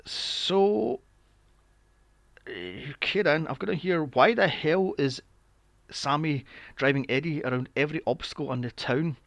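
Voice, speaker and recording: A man's voice: fairly high pitch, expressive, a little slow, gravelly, a bit bright, no room sound. A young man recapping a film on a podcast, sarcastic and swearing freely with mocking asides. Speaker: podcast co-host. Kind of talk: casual movie recap chat.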